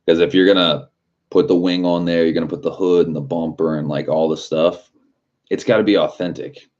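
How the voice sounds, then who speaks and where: A man with an extremely low, deep voice talks in a loose, rambling way, packing his sentences with filler words and swearing. It sounds like casual live stream chat. The audio is dull and muffled. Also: steady tone, brisk, darkish tone.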